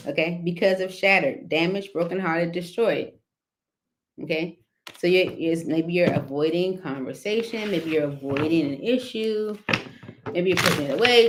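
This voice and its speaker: A woman's voice: lowish voice, slight background noise. A woman giving a casual tarot reading, talking loosely with lots of fillers and little laughs. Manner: rambling, filler-heavy, laughs between cards. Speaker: tarot reader.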